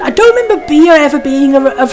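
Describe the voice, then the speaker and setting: A woman's voice: high-pitched, lively intonation, fast talker. A woman giving casual, chatty commentary while playing a video game, comparing it with other versions. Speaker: let's play host. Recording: game music behind.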